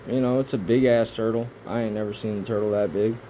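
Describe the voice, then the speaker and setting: A man rambling through pictures in casual commentary, swearing often and breaking into excitable outbursts between rambling asides. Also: fairly low pitch, fast, slight background noise. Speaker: video creator. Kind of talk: casual conspiracy commentary over images.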